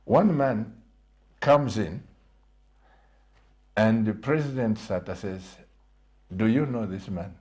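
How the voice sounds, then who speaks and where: Man telling an animated anecdote. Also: on the low side, slow, pauses often. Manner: animated anecdote teller, acts out quoted dialogue. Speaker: guest. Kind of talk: storytelling in a TV interview.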